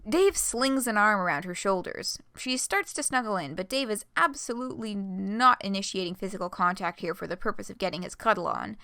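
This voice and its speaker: A young woman reading a fan story aloud on a live stream, her voice bright and sharp in a dry, close room. She swings her pitch all over the place and breaks off to gush and swear about what she reads. It is fannish, excitable, and very much her own voice. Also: fairly quick, few pauses, no echo. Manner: excitable, swears a lot, laughs often, fan gushing between passages.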